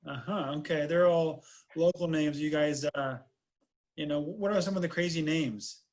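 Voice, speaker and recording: Host guy rambling through a question, slightly high voice. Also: normal speed, a little mellow. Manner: rambling, circles back while asking. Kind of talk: casual interview questions.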